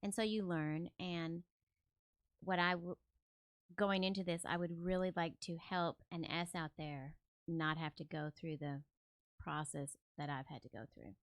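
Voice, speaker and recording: A woman co-hosting a sales podcast, speaking gently and acting out other people's lines for fun. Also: lowish voice, fairly even intonation, measured pace, no room sound, clean studio sound. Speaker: podcast co-host. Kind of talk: casual sales podcast chat.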